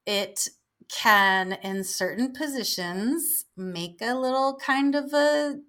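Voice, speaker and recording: A guest performer in her thirties chats casually in an interview, swearing freely and laughing through her stories. Her voice is fairly high and fairly bright, and she speaks slowly.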